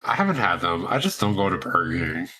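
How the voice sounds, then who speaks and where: A man's voice: low-pitched, sing-song, fast, bright, forceful tone, slightly rough. A man co-hosting a podcast, chatting casually and animatedly, swearing freely. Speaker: podcast co-host. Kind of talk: casual chat.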